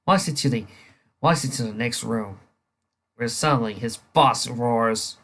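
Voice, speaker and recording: Comic reader narrating, animated, husky, bright, stumbles over words. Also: mid-range voice, a little slow. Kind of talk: reading a comic aloud with voices.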